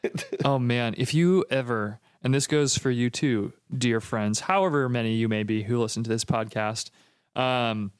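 A man's voice: medium pitch, normal speed, clean tone, no room sound, studio quality. A man co-hosting a faith podcast in casual conversation, playful and enthusiastic, drifting into reflective musings. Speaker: podcast co-host.

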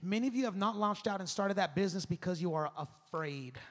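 Man, pastor, 30s, high voice, animated conversational sermon, long church-hall reverb. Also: fairly quick. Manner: animated, conversational preaching with call-and-response.

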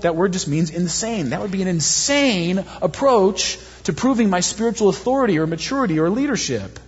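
A man in his thirties preaching a sermon as pastor, animated and self-deprecating, building points through repetition. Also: high-pitched, husky. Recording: dull, long hall reverb.

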